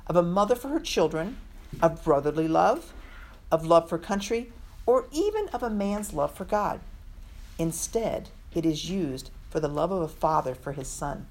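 A woman's voice: sits low, darkish tone, slight background noise. A woman teaching a women's Bible study, earnest and reflective, acting out the scripture quotes as she goes.

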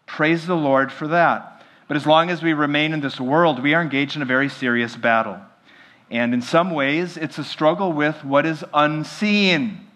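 A man preaching a sermon as pastor, animated and often asking the congregation questions. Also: a little high, moderate pace. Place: church.

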